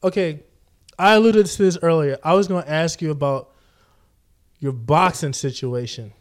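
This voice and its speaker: A man's voice: fairly high pitch, moderate pace. A man hosting a casual interview, tossing in short reactions and laughing along. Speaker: host.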